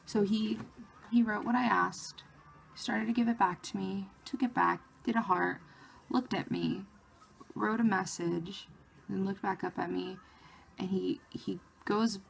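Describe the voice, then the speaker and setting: A woman vlogger telling a story in a casual, excited way, with lots of "like" fillers. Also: medium pitch, a little slow, vocal fry, a little hiss or hum. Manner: excited retelling of a fan encounter, many "like" fillers.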